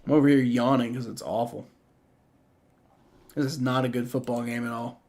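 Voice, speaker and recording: A man's voice: medium pitch, flat delivery, moderate pace, a little mellow. A man live-streaming a game reaction, ranting in exasperation with heavy profanity and frequent stammering restarts.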